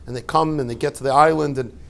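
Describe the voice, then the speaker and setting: A man's voice: mid-range voice, fairly even intonation, fast talker, gravelly, fairly bright tone. A man, a rabbi and yeshiva head, giving an informal Torah talk to a class, telling stories with rhetorical questions and joking asides.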